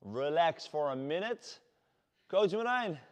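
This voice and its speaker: A man with a Dutch accent leading a workout class as fitness coach, shouting energetic encouragement. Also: on the high side, measured pace. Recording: long hall reverb.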